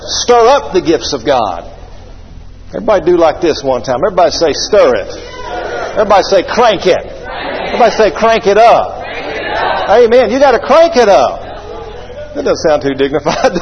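A male pastor, preaching an animated sermon and leading the congregation in call-and-response. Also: high-pitched. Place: church sanctuary. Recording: echoey hall, dull lo-fi sound.

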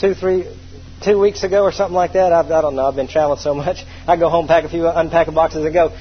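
A man's voice: fairly high pitch, quick pace. A man in his thirties preaching a sermon, emphatic and storytelling, repeating his key phrases for effect. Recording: dull lo-fi recording with faint hum.

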